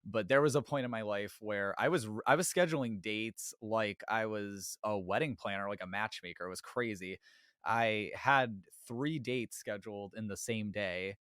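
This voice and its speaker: A man's voice: on the low side, normal speed, fairly bright tone, smooth, no room sound, clean studio sound. Chatty young man with a sore throat. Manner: chatty, self-deprecating, laughs often, apologizes a lot. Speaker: podcast host. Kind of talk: casual solo Q&A.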